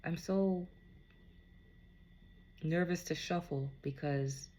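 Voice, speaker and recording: A mellow woman's voice, fairly low and unhurried, carries a casual spiritual card reading. Talking to someone we can't hear, she stays reassuring and regularly asks "okay?"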